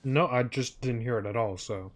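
A young man chatting on a voice call with dry jokes and lots of quick asides. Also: mid-range voice, background noise. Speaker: stream guest. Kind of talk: casual voice chat.

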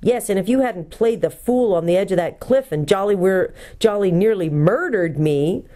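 A woman's voice: medium pitch, animated, moderate pace, dark tone, voice pushed up, natural voice. A woman voicing a cross, complaining English schoolboy in a storybook reading. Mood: miserable.

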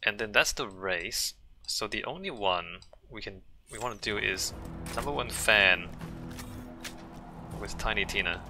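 A man giving calm, musing commentary while playing a video game. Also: fairly low pitch, unhurried, noisy background. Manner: calm, musing, talks to himself. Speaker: gameplay streamer. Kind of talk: casual gameplay commentary. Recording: voice over game music.

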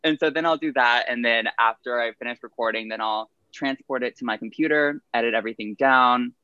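A chatty young man with a Texan Southern drawl talks fast and eagerly. His voice sits mid-range and comes through dull, lo-fi remote audio with a dry sound. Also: mid-range voice, bright, forceful tone, smooth, dry recording. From Texas, USA. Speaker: guest. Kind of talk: casual podcast chat.

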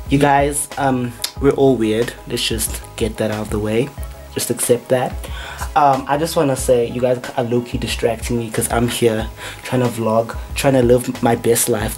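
A young man talks to his camera in a room at home, chatty and playful and full of little asides. His voice sits at a mid pitch. Faint music plays underneath. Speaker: vlogger. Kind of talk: casual vlog chat.

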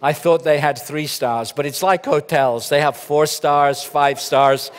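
A man's voice: fairly high pitch, a little slow. A middle-aged man giving a humorous conference keynote, telling stories that build to punchlines. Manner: joking, storytelling with punchlines. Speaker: keynote speaker. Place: large conference hall. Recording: long reverb of a large hall.

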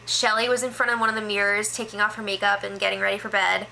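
A woman casually recapping a reality show, chatty and full of fillers, slipping into quick impressions of the people she quotes. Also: mid-range voice, little pitch movement, vocal fry, sharp tone, a little hiss or hum, rough recording.

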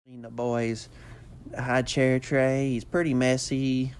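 A man's voice: mid-range voice, flat delivery, slow, smooth. A man doing a goofy, rambling comic voiceover full of fillers. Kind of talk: joking mock voiceover.

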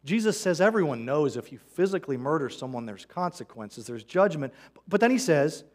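Brief Male pastor, fairly high voice, earnest, conversational sermon delivery. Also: sing-song, a little fast. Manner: earnest, conversational preaching with quoted scripture. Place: church sanctuary.

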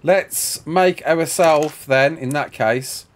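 Sleep-deprived gaming streamer, rambling. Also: male voice, mid-range voice, expressive, unhurried. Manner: chatty, rambling, answers chat questions while playing. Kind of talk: casual live gameplay chat.

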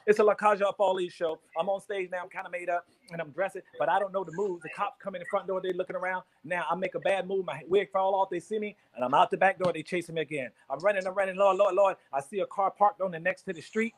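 A man in his fifties, talking as a guest in an interview. His voice sits high for a man, and he rattles off a story at a fast clip. He spins it loosely and profanely, with laughter running through it. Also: low-quality recording. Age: 50s. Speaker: guest actor.

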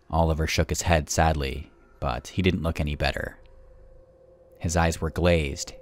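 A man narrating a first-person horror story in a grim, measured way. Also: rumbling low.

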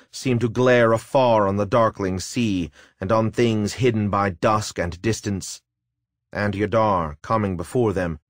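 A man narrating a dark fantasy tale in a measured, solemn storytelling manner. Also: on the low side, no echo, studio quality. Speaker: audiobook narrator. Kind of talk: scripted narration.

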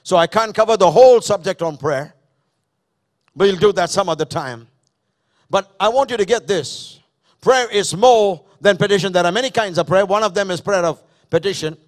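A man's voice: high voice, moderate pace. A man delivers a Sunday sermon. He preaches emphatically and circles back to the same phrases. He keeps testing the congregation with direct questions. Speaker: pastor. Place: church service.

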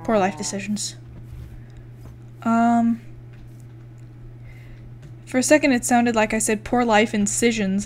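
A woman's voice: on the high side, fairly even intonation, slow pace, long pauses, darkish tone, slight background noise. A young woman giving casual let's-play commentary, chatting, swearing freely and counting blocks aloud as she builds. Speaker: gaming YouTuber.

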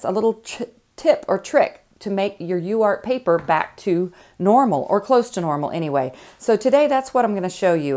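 A woman's voice: on the low side, darkish tone. A woman with a Southern accent giving a chatty, folksy art tutorial, full of fillers and restarts. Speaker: art instructor. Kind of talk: casual demonstration tutorial.

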